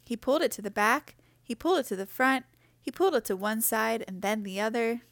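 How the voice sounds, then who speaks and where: A woman reading a children's picture book aloud in a gentle, expressive way. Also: a little high, a little fast, gravelly, dry recording, clean studio sound. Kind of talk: storybook read-aloud.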